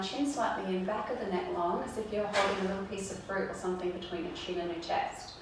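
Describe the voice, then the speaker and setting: A woman yoga instructor calmly guiding a seated chair yoga routine, cueing breath and movement step by step. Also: medium pitch, slight background noise. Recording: very echoey room, mic far off.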